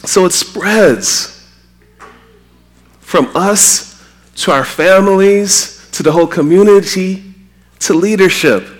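A man from Trinidad preaching a sermon, animated and acting out quotes with a raised voice. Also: high-pitched, takes it slowly, pauses often.

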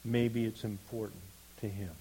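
A man preaching a sermon in an earnest, unhurried way, building to emphatic stresses on key words. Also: on the low side, flat delivery, dark tone, a little hiss or hum, rough recording.

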